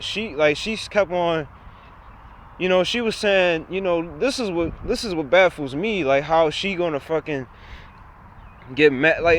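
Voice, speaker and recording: A young man, rambling and swearing a lot as he vents to the camera outdoors. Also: a little high. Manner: rambling, repetitive, frequent profanity. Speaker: vlogger. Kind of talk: casual rant to camera. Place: outdoors by a busy road. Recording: outdoor street noise and wind. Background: traffic and trucks.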